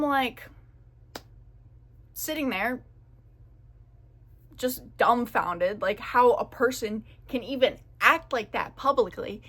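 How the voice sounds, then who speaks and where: A woman's voice: a little high, fairly bright tone. A young woman telling a casual storytime rant, profane and exasperated as she vents. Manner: profane, exasperated, quick to vent.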